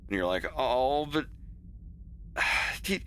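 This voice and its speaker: A man's voice: medium pitch, lively intonation, takes it slowly, bright, forceful tone, a little hiss or hum. A man chatting casually on a stream about his cartoon's scenes, rambling, laughing often and acting out his characters' lines. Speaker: animator streaming his work.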